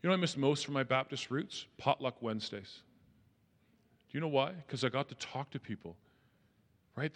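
A man giving a conversational talk on faith and mental health at a church, acting out quotes in a lively way. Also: mid-range voice. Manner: conversational, animated, acts out quotes. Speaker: speaker at a church. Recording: long reverb of a large hall.

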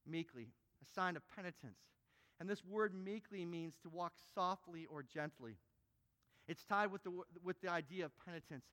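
High-voiced preacher booming through a hall. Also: male voice, moderate pace. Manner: animated preaching, swinging from quiet to loud and emphatic. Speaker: pastor. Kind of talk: sermon. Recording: long hall reverb.

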